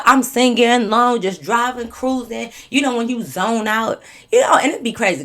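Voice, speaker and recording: A young woman telling a casual storytime to her viewers, animated and swearing freely. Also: medium pitch. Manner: animated, swings into loud acted-out quotes, swears freely. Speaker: storytime vlogger.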